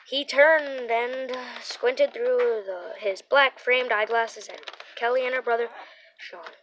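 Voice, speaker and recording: A woman's voice: on the high side, slow, a bit bright, rough recording. A woman narrating a children's story aloud, reading it through with small restarts and repeated words. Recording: faint background noise.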